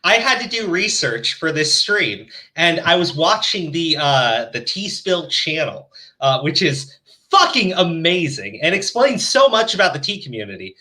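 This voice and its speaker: A man's voice: a little high, sing-song, a little slow, sharp tone, low-quality recording. A man hosting a livestream, chatting casually and joking with lots of swearing and laughter. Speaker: stream host.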